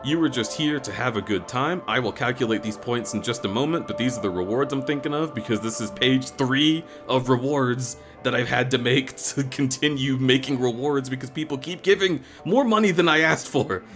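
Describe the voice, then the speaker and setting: A male variety streamer chats live over a game in a mid-pitched voice, effusive and thankful. He rambles and restarts his sentences. Quiet music plays underneath. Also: moderate pace, hardly any pauses. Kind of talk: live-stream chat while gaming.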